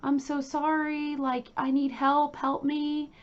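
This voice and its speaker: A woman's voice: high-pitched, completely flat delivery, takes it slowly, voice pushed up. A woman voicing a grown man who whines and pleads with his mother, on a dull lo-fi recording. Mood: pleading. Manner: pleading, whiny.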